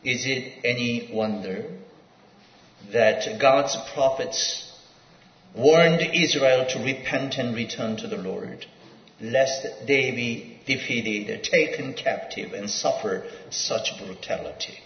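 A male preacher giving a sermon, reading scripture aloud in an emphatic, pausing delivery. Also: medium pitch. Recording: dull echoey hall sound.

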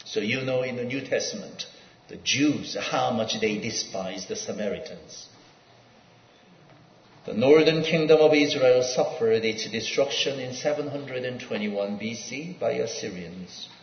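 A male preacher giving a sermon, reading scripture aloud in an emphatic, pausing delivery. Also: medium pitch. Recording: dull echoey hall sound.

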